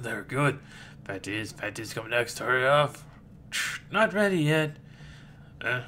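Bright-voiced man reading a comic aloud. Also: mid-range voice, slight background noise. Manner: lively, doing quick character voices. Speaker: reader.

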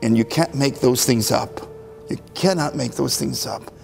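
Gravelly man telling candid memories. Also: mid-range voice, unhurried, darkish tone, soft background music. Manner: candid, self-mocking storytelling. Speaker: parishioner recalling a priest. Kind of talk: documentary interview.

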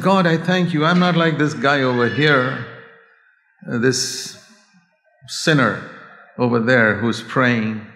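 An older man preaching a sermon, earnest and pleading, dropping to a hush and then rising to a raised voice. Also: mid-range voice. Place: church hall. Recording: echoey hall.

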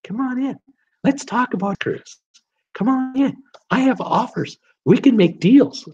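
A man's voice: very high-pitched, measured pace, highs cut off, music in the background, voice pushed up. A man putting on the voice of an eager, pushy cruise sales consultant who coaxes people in with a salesy manner. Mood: coaxing. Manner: coaxing, salesy.

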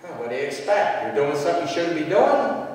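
A man preaching a sermon as pastor, emphatic and dramatic, with sudden loud outbursts. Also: on the high side, big pitch swings, fairly quick, slight background noise. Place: church sanctuary. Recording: echoey church hall from far off.

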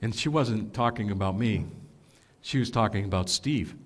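A man's voice: fairly low pitch, moderate pace. Earnest man preaching a sermon. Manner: earnest, emphatic teaching with restarts and asides. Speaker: pastor.

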